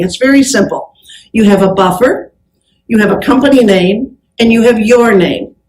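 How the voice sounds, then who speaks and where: A woman giving a lively presentation on customer service to an audience, telling anecdotes in an upbeat way. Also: mid-range voice, roomy sound, poor audio.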